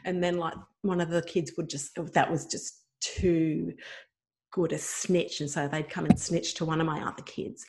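Woman, middle-aged, gravelly, slightly low voice, emotional storytelling. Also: normal speed. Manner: emotional, animated, many "like" fillers. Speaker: guest. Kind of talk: personal storytelling.

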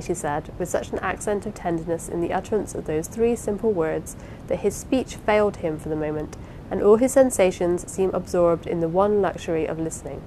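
A woman narrating a classic novel for an audiobook in a calm, even manner. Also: on the low side, moderate pace, a little hiss or hum, low-quality recording.

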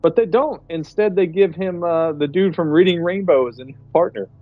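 A man's voice: sits high, normal speed, no echo, phone-quality sound. A man joking crudely and energetically on a movie podcast. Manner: crude, animated, swears freely. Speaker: podcast co-host. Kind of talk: casual comedic movie chat.

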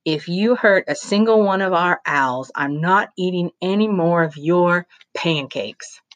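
A woman's voice: lowish voice, a little slow, highs cut off, lightly acted. A woman voicing an indignant schoolboy. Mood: defiant. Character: earnest schoolboy speaking up, bold and indignant.

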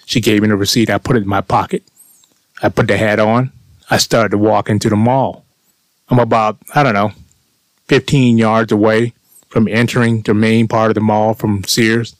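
A middle-aged man telling a personal story in a casual, animated way, swearing often and sounding indignant. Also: fairly low pitch, dry recording. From United States.

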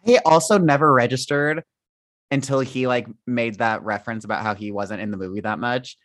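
Very low-voiced excitable woman co-host. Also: fairly quick, no room sound. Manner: excitable, playful. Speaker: podcast co-host. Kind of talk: casual chat.

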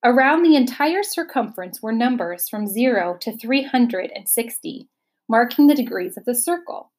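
A woman narrates a children's novel in a lively, expressive way. Her voice sits a little high for a woman. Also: moderate pace. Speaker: audiobook narrator. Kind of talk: storybook reading.

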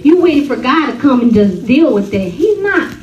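Preaching to a women's gathering in a church hall, a women's ministry speaker talks at a moderate pace in a high-pitched voice, captured in a muffled recording. She is animated, laughs often, and invites responses from the audience. A distant mic in the roomy hall picks up the crowd.

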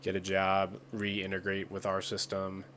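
A man's voice: low-pitched, completely flat delivery, a little slow, fairly bright tone, a little hiss or hum. A man from the United States in a casual chat, rambling with many fillers.

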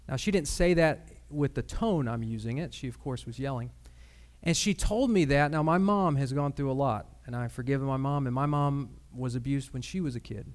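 A man preaching a sermon with personal testimony, earnest and measured, with pauses and fillers. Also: medium pitch, a little mellow. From Michigan.

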